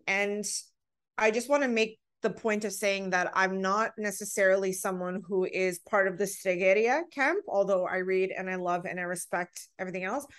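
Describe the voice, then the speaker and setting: A woman's voice: mid-range voice, clear, resonant tone. A woman in her thirties, a podcast guest, talking in an earnest, heartfelt way as she tells personal stories in a casual conversation.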